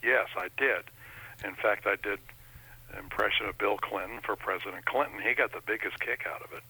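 A man's voice: on the low side, fairly quick, bright, forceful tone, husky, poor audio. A man being interviewed as an impressionist, telling stories in a chatty, folksy way. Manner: chatty anecdotal storyteller, folksy. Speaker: impressionist guest. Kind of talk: interview chat.

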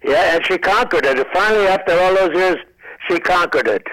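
A man's voice: high voice, fairly quick, fairly bright tone, dry recording, poor audio. A man in his nineties, a comedian guest calling in from home, rambling with stammered restarts and dry wisecracks. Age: 90s. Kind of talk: joking radio interview.

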